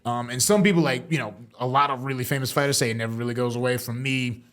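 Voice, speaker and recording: A man's voice: medium pitch, quick pace, fairly bright tone. A young man in casual podcast chat, telling a story with lots of laughing, swearing and filler words. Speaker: podcast host and fighter.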